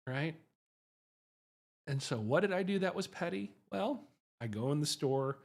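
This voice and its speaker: Male host, casual livestream storyteller, husky voice, pitch swinging widely, self-deprecating and chatty. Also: a little slow. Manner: animated, self-mocking, chatty with many tags like "right?". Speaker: psychiatrist hosting a livestream.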